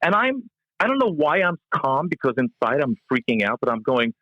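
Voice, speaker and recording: A man, a comedian and musician, telling a backstage anecdote in a podcast interview with laughs and halting restarts. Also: medium pitch, dry recording. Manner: animated storyteller, laughs often, halting restarts. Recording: dull, lo-fi, dry sound.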